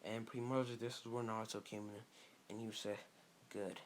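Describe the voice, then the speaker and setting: A man casually improvising a fan story, halting often with fillers and restarts. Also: on the low side, flat delivery, a little hiss or hum.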